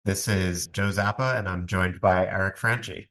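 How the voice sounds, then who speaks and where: A man's voice: sits low, steady tone, moderate pace, fairly bright tone. A man from Long Island co-hosting a business podcast, chatting casually and thinking aloud with lots of asides. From Long Island, New York. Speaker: podcast co-host. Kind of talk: casual conversational podcast chat.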